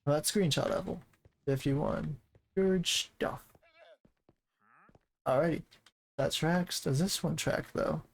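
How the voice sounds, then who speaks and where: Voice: mid-range voice, slow, gravelly, long pauses, poor audio. A streamer casually chatting and rambling while building in a game, often counting blocks aloud.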